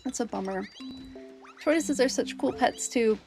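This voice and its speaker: A woman's voice: a little high, a little slow, gravelly, over music. A woman streaming a video game, chatting casually and nerdily with her viewers and laughing often. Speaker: streamer and biologist. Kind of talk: casual game livestream chat.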